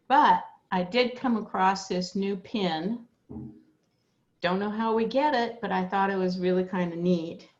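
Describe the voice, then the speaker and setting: A woman runs a casual club meeting, friendly and unhurried. Her speech is slow, and the sound is a little dull and muffled. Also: medium pitch. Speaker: meeting host. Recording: slightly muffled.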